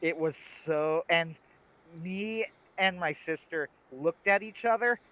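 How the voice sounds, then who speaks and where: A man's voice: on the high side, slow pace, dull audio. A man co-hosting a livestream, chatting casually and making emphatic, opinionated points. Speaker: livestream co-host. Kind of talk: casual chat.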